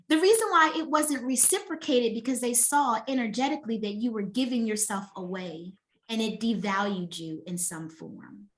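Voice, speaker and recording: Teaching a motivational master class at a moderate pace, a middle-aged woman who works as a wellness coach speaks in a somewhat high voice. Her manner is lively and conversational, often asking if listeners are following, and her emphatic, personal delivery seems aimed at each individual.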